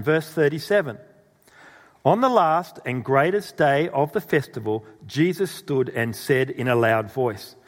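A man preaching a sermon, telling a story and asking the audience questions. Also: a little high. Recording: long reverb in a hall.

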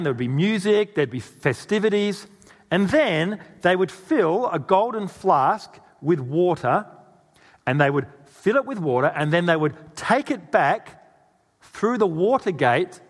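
A man preaching a sermon, telling a story and asking the audience questions. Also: high voice. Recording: long reverb in a hall.

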